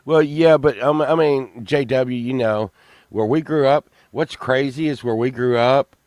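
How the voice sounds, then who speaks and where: Drawling, slow Texan man, dry mic. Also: medium pitch, no echo. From Texas. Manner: drawling, rambling, swings between mumbles and loud outbursts. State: tired from a late night. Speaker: show host. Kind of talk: rambling casual chat.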